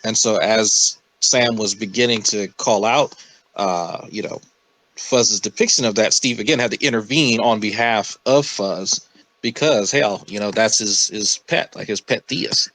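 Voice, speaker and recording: Man, lowish voice, rambling, lots of ums and self-corrections, casual podcast talk. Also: unhurried, fairly bright tone, dry recording, low-quality recording.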